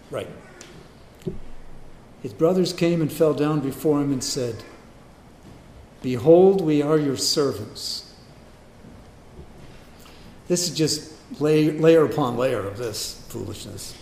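A man's voice: a little high, slow pace, pauses often, darkish tone, reverberant, slight background noise. A man preaching a sermon, reading scripture and acting out the characters with humor and drama. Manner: dramatic, acts out biblical voices with humor.

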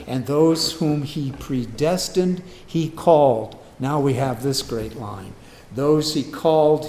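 Man, sermon, emphatic delivery, loud then quiet, slow measured pace, roomy echo. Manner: emphatic, swings between loud declarations and low quiet asides. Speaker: preacher. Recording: echoey room with faint ambience.

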